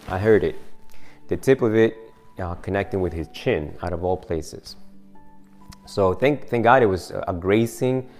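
A man with a deep voice preaches a sermon loosely and conversationally. He often restarts his phrases and chuckles at his own story.

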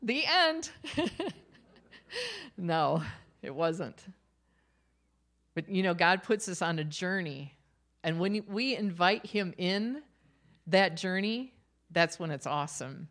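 A woman's voice: fairly low pitch, slow, pauses often. A middle-aged woman giving a personal faith testimony in an earnest storytelling way, often breaking into a light laugh. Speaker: speaker sharing a personal testimony.

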